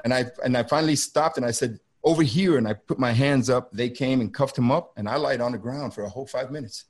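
Speaking in a mid-range, slightly mellow voice, a middle-aged ex-federal border agent shares a gripping personal account via video call, his telling intense and halting as he circles back and repeats points.

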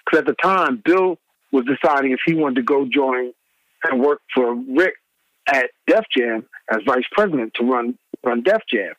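A middle-aged man, a former radio DJ, telling animated stories in an interview and acting out the people he quotes. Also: moderate pace, no room sound, low-quality recording. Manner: acts out quoted people with big pitch swings.

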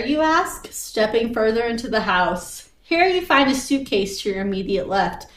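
A woman co-hosting a podcast, reading a choose-your-own-adventure story aloud in an animated way, laughing often and breaking off to chat. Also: a little high, moderate pace, few pauses. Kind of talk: casual read-aloud storytelling. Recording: roomy echo, distant from the mic.

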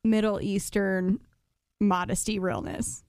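A woman's voice: medium pitch, little pitch movement, takes it slowly, darkish tone, no room sound, clean studio sound. A woman co-hosting a casual pop-culture chat, wry and chatty, with lots of filler words. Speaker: podcast co-host.

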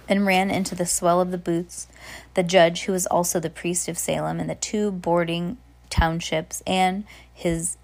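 A woman reading a storybook aloud, stumbling and restarting now and then. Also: on the low side. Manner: unpolished, frequent restarts. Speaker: reader.

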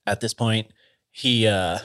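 Man, lowish voice, casual storytelling, halting, lots of filler words and restarts. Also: fairly even intonation, fairly bright tone.

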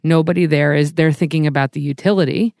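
A woman's voice: sits low, steady tone, quick pace, vocal fry, a little mellow, dry recording. Thoughtful woman co-host, dry close voice. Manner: thoughtful, building ideas aloud. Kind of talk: casual business discussion.

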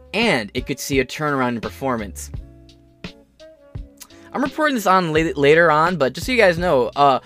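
A man's voice: mid-range voice, fairly bright tone. A man hosting a podcast, giving casual, sarcastic commentary on a news article and swearing freely as he rambles into stories. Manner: profane, sarcastic, rambling storyteller. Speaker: podcast host.

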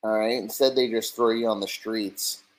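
Man in casual stream rant, slightly low pitch, rambling and foul-mouthed, mocking tone. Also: fairly even intonation, normal speed, poor audio.

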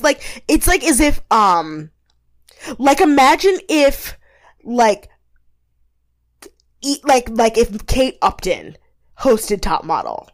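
A woman co-hosting a casual podcast, talking in an animated, chatty way. Her pitch swings widely as she talks. She fills her sentences with lots of fillers. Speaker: podcast co-host. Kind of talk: casual recap chat.

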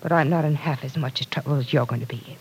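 An actress playing a frightened but defiant young woman held captive in a 1940s radio drama, with a breathy voice. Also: very deep voice, fast talker, exaggerated voice, rough recording. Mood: fearful defiance. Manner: pleading, then steely and defiant.

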